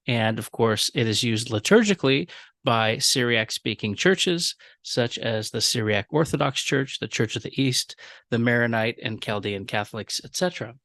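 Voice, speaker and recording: A man explains his subject in a calm, measured lesson, often pausing on fillers and restarting phrases. His voice sits at an ordinary middle pitch. The sound is close and dry, with no room around it. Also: dry recording. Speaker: language teacher.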